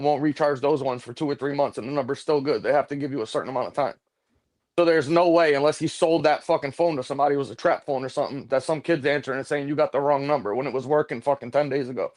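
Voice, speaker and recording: A man hosting a livestream, ranting fast and heatedly with lots of swearing in casual chat from his home computer room. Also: a little high. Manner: rapid, profane ranting. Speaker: livestream host.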